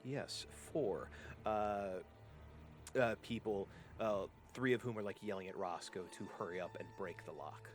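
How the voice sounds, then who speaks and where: A game master narrating a tabletop game in a fairly low male voice. He rambles loosely, full of fillers and restarts as he describes the scene. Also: a little slow, faint music behind. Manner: rambling, many fillers and self-corrections.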